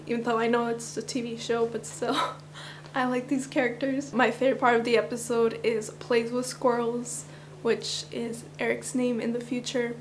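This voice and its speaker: A woman's voice: on the high side, slight background noise. A woman vlogger chatting casually through a fan countdown, rambling a little, her morning voice slightly cracking.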